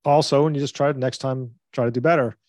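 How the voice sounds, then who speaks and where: A man, a parenting coach, giving advice as a guest in a relaxed interview, explaining in earnest with quick bursts. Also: mid-range voice, no room sound, studio quality. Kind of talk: conversational interview.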